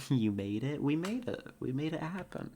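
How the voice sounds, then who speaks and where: A woman streaming a game, chatting casually and excitedly, laughing often and making playful growling noises. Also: low-pitched, moderate pace. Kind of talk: casual live-stream commentary.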